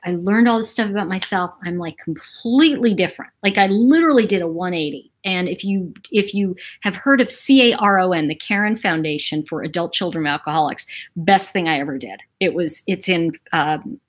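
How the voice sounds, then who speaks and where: A woman from New York City hosting a casual livestream, talking in a chatty, animated way and reading out viewer comments. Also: lowish voice, slightly rough. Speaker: livestream host. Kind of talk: casual live-chat monologue.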